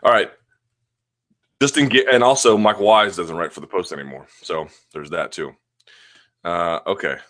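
Man, bright and forceful voice, fairly low, casual rambling host answering questions at home. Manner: rambling, self-deprecating, with frequent restarts. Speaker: host of a live chat show. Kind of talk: casual live-stream chat answering viewer questions.

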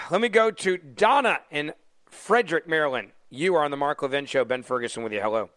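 A man's voice: a little high, a little fast, fairly bright tone, dry recording. A man hosting a talk radio show, mocking the news with heavy sarcasm and taking calls from listeners.

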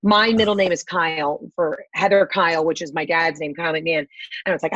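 A woman's voice: low-pitched, brisk, a bit bright, dry recording, rough recording. A woman on a casual podcast who tells profane, brash stories and acts out what people said. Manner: profane, brash storytelling with acted quotes.

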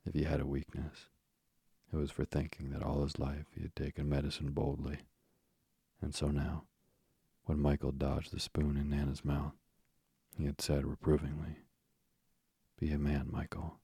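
A man narrating a storybook in a measured, deliberate way. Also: extremely low pitch, completely flat delivery, vocal fry, mellow, breathy edge, no room sound, studio quality.

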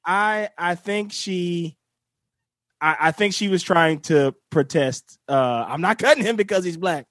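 A man's voice: sits high, a little slow, a bit bright, dry recording, clean studio sound. A man, a comedian guest, chatting casually in a playful, slangy way with stammering restarts. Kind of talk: casual recap chat.

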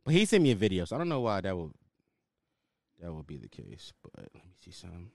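A man's voice: sits low, fast talker, vocal fry, dry recording. Guy doing a solo podcast rant, slangy and worked up, voice jumping all over, dry close mic. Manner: animated, ranting, loose slangy delivery. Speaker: podcast host.

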